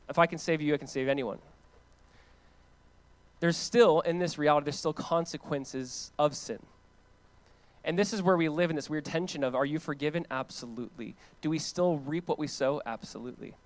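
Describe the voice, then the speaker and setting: A man, a pastor preaching a conversational, animated sermon that swings between loud emphasis and quiet, hushed lines. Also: on the high side.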